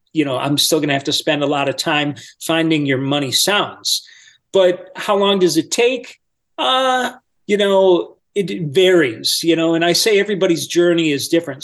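A man, a voice-over coach, explaining his methods step by step in a relaxed podcast interview. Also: on the high side.

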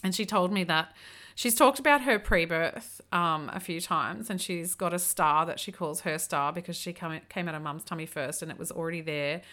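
A woman's voice: fairly low pitch, moderate pace, sharp tone. A woman, co-hosting a podcast in a chatty way with frequent laughs and trailing restarts. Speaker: podcast co-host, naturopath or nutritionist. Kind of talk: casual podcast chat.

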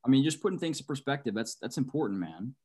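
A man's voice: mid-range voice, lively intonation, quick pace, a little mellow, slightly rough. A young man hosts a podcast. He asks his guest questions and talks earnestly and encouragingly, often calling him "man". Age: young adult. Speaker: podcast host. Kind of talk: casual interview talk.

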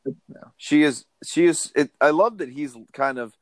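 A man's voice: a little high, measured pace, no room sound. A man casually chatting about a movie, opinionated and plain-spoken. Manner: opinionated, plain-spoken, brings prepared facts. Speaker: podcast co-host.

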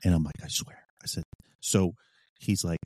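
Low, mellow-voiced man telling a cop story. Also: moderate pace, husky, no echo. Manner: profane, animated storyteller acting out his own past lines. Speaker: podcast co-host, former police officer. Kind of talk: casual storytelling chat.

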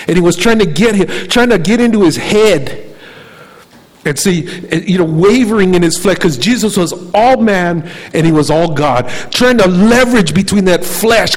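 Higher-voiced male preacher. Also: expressive, poor audio. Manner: rhetorical questions, slows down and repeats key phrases. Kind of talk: sermon.

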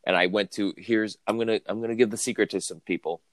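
A man with a very low voice co-hosts a podcast from home. He talks in a loose, rambling way, full of fillers and jokes. The sound is dry, with no room echo. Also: steady tone, fast. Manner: rambling, jokey, lots of "like" filler. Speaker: podcast co-host. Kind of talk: casual chat. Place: home, remote recording.

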